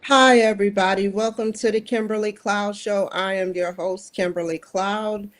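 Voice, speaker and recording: A woman's voice: mid-range voice, steady tone, moderate pace. A woman hosting an interview show who asks her guest direct questions in a friendly way. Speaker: host.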